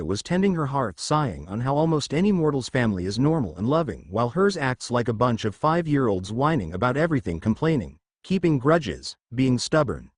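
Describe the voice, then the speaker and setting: A man's voice: mid-range voice, darkish tone, dry recording, studio quality. A man narrating a fan-fiction story, reading every character's lines in his own voice.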